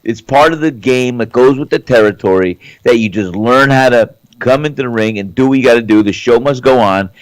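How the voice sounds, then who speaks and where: A man's voice: medium pitch, brisk, few pauses, no echo, low-quality recording. A man co-hosting a boxing podcast, making emphatic points and repeating himself. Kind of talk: casual chat.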